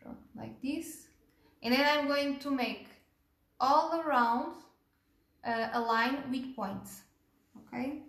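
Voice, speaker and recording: Slow, gentle woman teaching a craft. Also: high voice. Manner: unhurried, gentle, with frequent fillers and checking "okay?". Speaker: cake decorating instructor. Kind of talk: step-by-step craft tutorial. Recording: echoey room.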